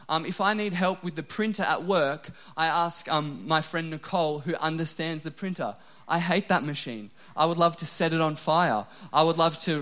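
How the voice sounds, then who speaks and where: Higher-voiced young male pastor joking. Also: fairly bright tone. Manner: casual, self-mocking humor with frequent "like" fillers. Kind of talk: sermon.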